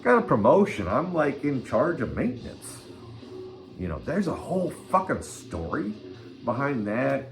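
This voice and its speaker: Older male vlog host, crude rambling ranter, big swooping pitch, faint music underneath. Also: wildly swooping pitch, a little slow. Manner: crude, rambling, swears constantly. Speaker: channel host. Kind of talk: rambling profane vlog rant.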